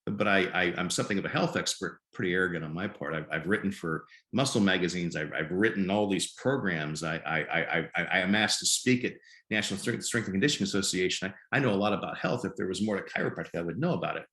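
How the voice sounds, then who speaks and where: A man in his fifties from Nebraska, a podcast guest telling his story in a halting way and often repeating words. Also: low voice, a bit bright. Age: 50s. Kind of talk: conversational storytelling. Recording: roomy echo.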